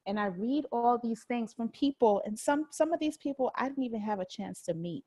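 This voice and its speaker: A woman hosting a casual talk show, bubbly and quick to laugh. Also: fairly high pitch, expressive, mellow, husky, no room sound. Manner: bubbly, laughs often, hearty sign-off. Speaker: host.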